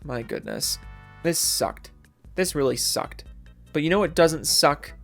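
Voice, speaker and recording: A man giving casual, profane, sarcastic commentary on gaming and rattling off viewer shout-outs. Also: fairly high pitch, faint music behind. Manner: profane, sarcastic, rapid-fire.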